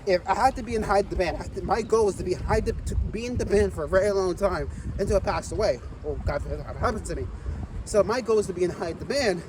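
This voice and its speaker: A man vlogging while walking outdoors, rambling and repeating himself excitedly and a little out of breath. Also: sits high, quick pace, distant mic. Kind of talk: casual walking vlog. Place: outdoors on city streets, walking. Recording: street noise behind the voice. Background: traffic and street noise.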